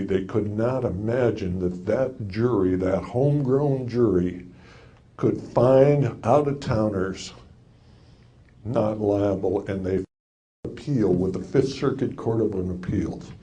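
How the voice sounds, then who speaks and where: Older man, folksy storyteller, wry punchlines, mellow dark voice. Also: fairly low pitch, slow pace. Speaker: speaker telling a story to an audience. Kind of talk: storytelling talk to a live audience.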